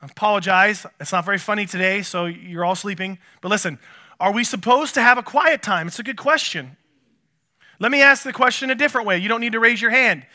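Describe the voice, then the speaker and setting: A man's voice: high voice, a little fast, bright, forceful tone. A man, a pastor, preaching a conversational sermon, asking the congregation questions and poking fun at himself. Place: church.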